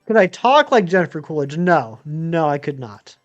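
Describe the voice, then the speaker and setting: High-voiced chatty man streaming. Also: big pitch swings, moderate pace, lo-fi sound, faint music behind. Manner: rambling, chatty, many ums and uhs. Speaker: game streamer. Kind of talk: casual live-stream chat answering viewers.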